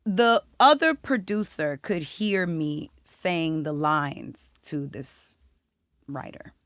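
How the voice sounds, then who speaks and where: A young woman from South Florida, a singer-songwriter telling a story as a podcast guest, animated and profane. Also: deep voice, slow pace, no echo, studio quality. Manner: animated, profane, acts out quotes. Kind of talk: casual storytelling interview.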